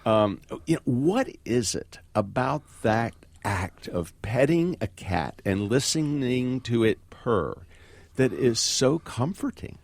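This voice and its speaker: Gravelly-voiced male host asking questions. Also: mid-range voice, very animated, slow pace, no room sound. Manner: conversational, anecdotal questioning. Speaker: radio show host. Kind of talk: casual interview questions.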